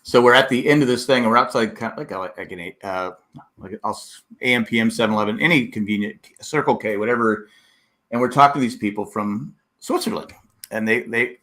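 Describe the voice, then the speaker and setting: A man's voice: mid-range voice, brisk, a bit bright. A man from California co-hosting a casual podcast chat, telling stories in a rambling way and stumbling over his words. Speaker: podcast co-host.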